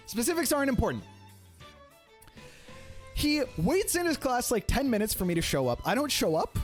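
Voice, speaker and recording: A man telling a personal story casually, animated and quick with asides, swearing often. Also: very high voice, faint music behind.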